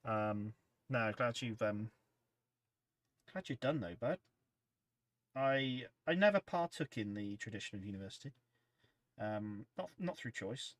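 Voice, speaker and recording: Low-voiced, easygoing man chatting. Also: expressive, measured pace, long pauses, no room sound. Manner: rambling and easygoing, reading chat aloud. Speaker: livestream host. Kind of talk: casual livestream chat.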